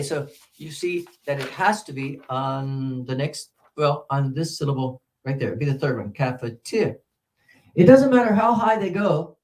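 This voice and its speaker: A man leading a workshop for English teachers, speaking into a microphone and animatedly modelling words. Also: a little high. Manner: animated, demonstrative, drawing out words.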